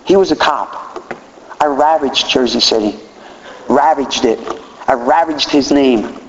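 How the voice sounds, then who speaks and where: A man's voice: mid-range voice, lo-fi sound. Middle-aged male speaker, emphatic and repetitive, recovery share, faint noise in a reverberant hall. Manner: emphatic, repeats key phrases. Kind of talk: personal recovery testimony.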